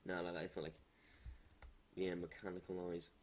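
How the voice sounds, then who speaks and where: A man's voice: sits low, monotone, a little fast, a little hiss or hum. A man streaming live as a game developer, thinking aloud in a hesitant, muttering way and correcting himself as he draws pixel art at his computer.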